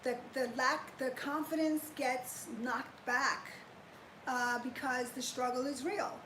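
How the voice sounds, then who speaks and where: Lively woman in her 50s doing a live fitness chat, high voice, bit of room echo. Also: slow pace, slight background noise. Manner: chatty and animated, greets viewers by name. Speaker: fitness vlogger on a live stream. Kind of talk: casual live chat to viewers.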